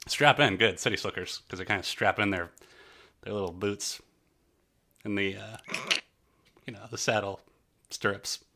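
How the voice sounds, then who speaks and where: A man with a low, bright, forceful voice chats casually on a podcast. He rambles in a jokey way, trailing off and circling back mid-sentence. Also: steady tone, normal speed, gravelly, pauses often. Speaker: podcast co-host. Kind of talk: casual chat.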